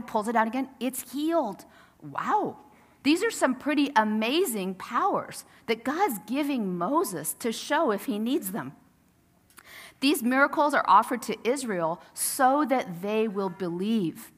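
A woman's voice: fairly high pitch, expressive, moderate pace, fairly bright tone. A woman pastor preaching a sermon in a casual, storytelling way, acting out the quotes. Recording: long reverb of a church sanctuary.

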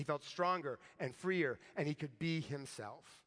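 A man delivers a sermon as a relaxed, conversational story, tossing in "right?" to keep listeners with him. His voice sits high for a man. The sound carries a long reverb, as in a large hall. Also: a little slow, few pauses. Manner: conversational, tag questions like "right?". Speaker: preacher.

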